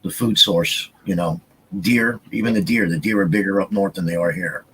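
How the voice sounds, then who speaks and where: A man with a low, slightly bright voice co-hosts a podcast livestream at a moderate pace, chatting loosely and often restarting and repeating himself. The audio is poor, with a little hiss or hum.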